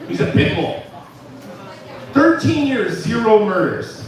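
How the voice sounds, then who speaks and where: A man performing a stand-up comedy set at a club, telling dark jokes in a deadpan way with laughing asides. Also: sits high, takes it slowly. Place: comedy club stage with live crowd. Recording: echoey live room from far off with crowd.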